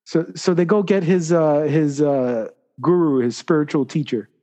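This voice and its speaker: A man telling a parable as a podcast guest, halting often with fillers and restarts. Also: on the high side, warm tone. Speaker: guest storyteller. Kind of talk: spoken parable storytelling.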